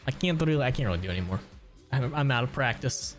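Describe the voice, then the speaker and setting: A man's voice: medium pitch, animated, quick pace, soft background music. A young man streaming a game, chatting casually with a crude, joking manner, answering chat and laughing often.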